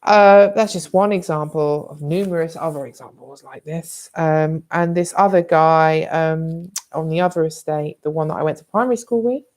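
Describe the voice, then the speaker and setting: A woman's voice: sits low, normal speed, few pauses, a little mellow. A British woman vlogging, telling a personal story in a candid, blunt, rambling way with some swearing.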